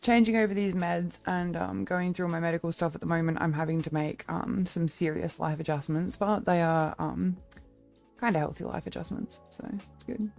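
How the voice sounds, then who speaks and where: Lady streamer rambling to chat, fairly low voice, lots of ums. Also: fairly even intonation, moderate pace, creaky, darkish tone, faint music behind. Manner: rambling, chatty, many fillers. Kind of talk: casual live-stream chat with viewers.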